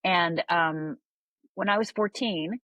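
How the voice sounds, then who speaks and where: An older woman from Upper Michigan, a podcast guest, tells a personal story candidly and confidingly, often checking in with "right?". Her voice is on the low side but fairly bright, and she speaks slowly. The recording is rough, with no room sound.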